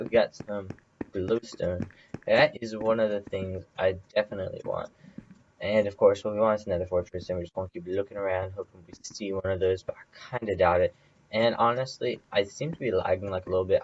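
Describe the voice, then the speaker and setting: A man's voice: on the low side, muffled recording, slight background noise. A young man casually commenting on his own gameplay, thinking aloud and rambling with lots of fillers. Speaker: gameplay video host.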